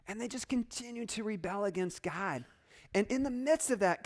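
A man preaching a sermon, swinging between quiet, measured stretches and loud, animated bursts. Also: sits high. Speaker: pastor.

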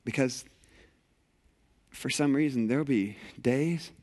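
A man preaching a conversational sermon in a church sanctuary, animated and playful with rhetorical questions. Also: medium pitch, takes it slowly. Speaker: pastor.

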